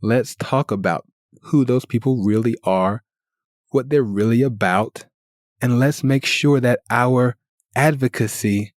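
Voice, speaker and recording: A man's voice: medium pitch, a little mellow, no room sound, studio quality. Earnest man hosting a solo podcast. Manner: earnest, persuasive, strings of rhetorical questions. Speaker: podcast host.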